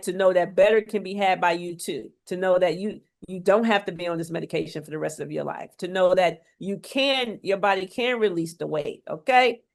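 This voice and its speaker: A woman health coach giving an emphatic, preachy motivational talk, full of faith, repeating "okay?" to drive each point home. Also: medium pitch. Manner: faith-filled and exhortative.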